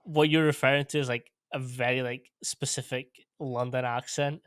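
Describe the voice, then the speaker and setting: A young Scottish man chatting casually as a podcast host, laid-back and quick to laugh. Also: medium pitch, steady tone, fairly bright tone, clean tone, no room sound, clean studio sound. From Scotland. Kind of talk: casual interview chat.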